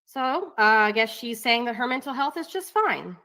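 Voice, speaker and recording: A woman's voice: a little high, animated, moderate pace, pushed and bright. A woman commenting on a panel, answering back with sarcastic rebuttals. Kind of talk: commentary chat.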